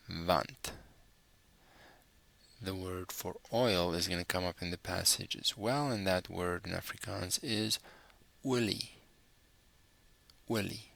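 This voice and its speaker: A man teaching a recorded language lesson, patiently saying each word and repeating it slowly. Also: low voice, creaky, a bit bright. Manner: patient, spells out words slowly and repeats them.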